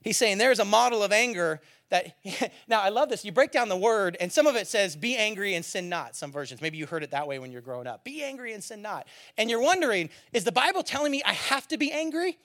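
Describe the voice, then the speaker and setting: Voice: medium pitch, expressive, fast, fairly bright tone. A pastor preaching a sermon with rising passion, building to fiery emphasis and then settling back.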